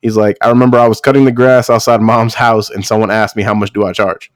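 A man's voice: lowish voice, level tone, quick pace, dry recording, clean studio sound. A man on a podcast telling stories in casual chat, swearing and laughing often. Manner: loose, profane, laughs often, acts out quotes.

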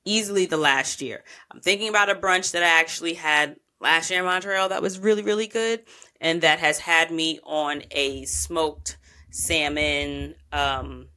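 A woman's voice: low-pitched, measured pace. A woman hosting a travel podcast, telling her trip stories in a casual, candid way, full of slang and swearing. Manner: candid, slangy, animated storytelling with profanity.

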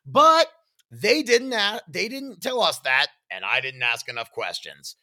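An unhurried, medium-pitched podcast host relates his own story in an animated way, acting out the shouts and sound effects as he goes.

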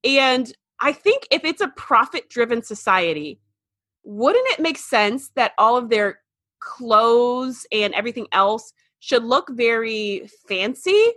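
A woman in her forties co-hosting a casual podcast chat, animated and quick to laugh, often restarting her sentences. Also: a little high, dry recording. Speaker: podcast co-host.

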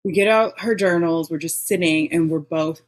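A middle-aged woman, a podcast guest, telling her own story in a candid, animated way with bursts of laughter. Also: low-pitched, normal speed. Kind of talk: personal storytelling in an interview.

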